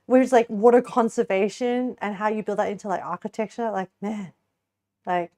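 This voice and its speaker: A woman's voice: mid-range voice, fairly even intonation, normal speed, dark tone. A young Australian woman chatting casually while baking on a stream, giggling often and rambling with lots of restarts.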